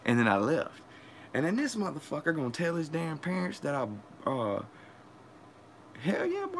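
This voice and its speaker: A man's voice: medium pitch, vocal fry, a bit bright, a little hiss or hum. A young man, telling a crude, profane story in casual vlog chat and laughing often. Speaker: vlogger.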